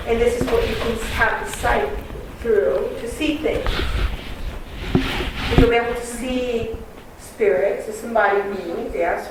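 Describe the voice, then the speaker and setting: A woman's voice: a little high, close to an everyday voice. A woman channeling a kind cosmic commander, very echoey. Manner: earnest teaching tone, calm and reassuring. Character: Commander Ashtar, a kind, loving male cosmic being. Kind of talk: channeling session. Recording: very echoey room, distant mic, noisy.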